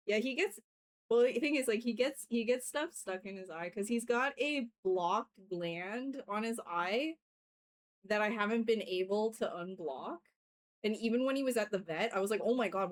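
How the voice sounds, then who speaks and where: A woman livestreaming while she works, chatting casually with viewers, laughing often and retelling things with animation. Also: medium pitch. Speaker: livestreaming artist. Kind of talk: casual chat while working.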